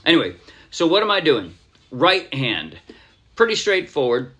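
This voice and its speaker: A man's voice: a little high, wildly swooping pitch, measured pace, a bit bright, breathy edge. An American man casually teaching a ukulele song, rambling a little and counting beats aloud over his strumming. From United States. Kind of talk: casual music tutorial.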